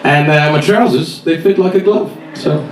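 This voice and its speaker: On a comedy club stage before a live audience, a stand-up comedian delivers a chatty set, swearing and acting out little scenes. His voice is on the high side, moderately paced over a noisy crowd. The venue echoes, the mic is distant, and there's faint noise.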